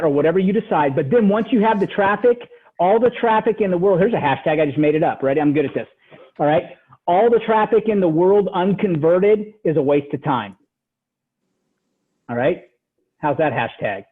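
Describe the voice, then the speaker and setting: A man giving a motivational real estate training talk over a call, animated and tacking "right?" onto his points. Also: sits high, husky. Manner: animated, repeats "right?" after each point. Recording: tinny phone-line audio.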